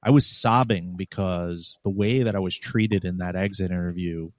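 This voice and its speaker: A man's voice: low voice, moderate pace, no echo, clean studio sound. A man from New York, a podcast co-host, telling a story bluntly and with profanity, acting out the dialogue. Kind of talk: casual storytelling.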